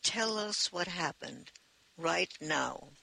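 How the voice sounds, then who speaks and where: A man voicing a seething male crewman who speaks slowly and insistently. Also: sits high, expressive, creaky, pushed and bright, breathy edge, no room sound, heavily acted, poor audio. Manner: slow, insistent.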